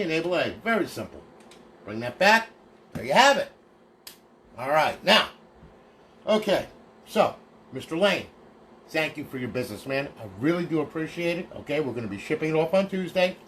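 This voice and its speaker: A man's voice: medium pitch, a bit bright, a little hiss or hum. A man casually walking through modded game consoles on a livestream, chatty and folksy, thanking each buyer by name.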